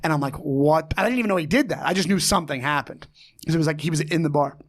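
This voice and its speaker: A man hosting a podcast tells a story in an easy, casual way. His voice sits a little high. He acts out the other people's lines and laughs often. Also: fast. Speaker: podcast host.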